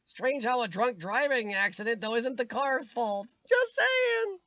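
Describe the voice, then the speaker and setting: Man, fairly high voice, opinionated live-stream host, ranting, slightly worn voice, dry, muffled lo-fi mic. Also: normal speed, sharp tone, no room sound. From United States. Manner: opinionated ranting, answers chat comments by name. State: starting to lose his voice. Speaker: livestream host reading chat. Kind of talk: casual live-stream chat.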